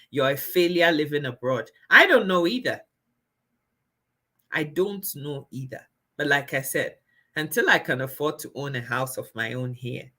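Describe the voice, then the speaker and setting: A woman's voice: sits low, bright, forceful tone. A woman from Ghana, hosting a live stream and speaking bluntly and emphatically to viewers. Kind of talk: candid live stream talk.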